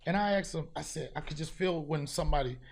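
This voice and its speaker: A man hosting a podcast, telling a street story in casual chat, profane and animated, acting out the people he met. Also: on the high side, fast, gravelly. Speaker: podcast host.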